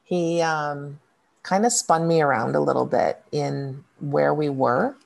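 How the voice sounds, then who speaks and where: A woman's voice: low voice, steady tone, slow, vocal fry, a little mellow. A woman co-hosting a podcast, telling personal stories in a rambling casual way with many fillers. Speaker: podcast co-host and coach. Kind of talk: casual chat.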